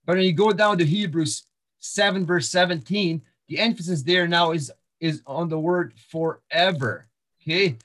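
In a sermon-style Bible lesson, a man walks through the verses, frequently repeating words, restarting and filling pauses. His voice sits on the high side and is a bit bright, at normal speed.

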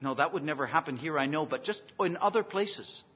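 A high-voiced, husky man preaching a sermon in a big hall with a long echo. He swings from folksy, joking asides to emphatic near-shouted lines. The recording sounds dull and lo-fi. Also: lively intonation, fairly quick. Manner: emphatic, rising to near shouts on key phrases; folksy asides with self-deprecating humor.

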